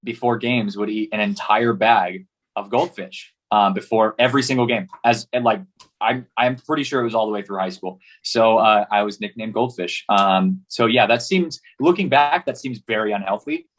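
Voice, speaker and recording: An easygoing man chats as a guest on a relaxed podcast. He tells stories about himself in a light, joking way. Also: on the low side, moderate pace. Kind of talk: casual interview chat.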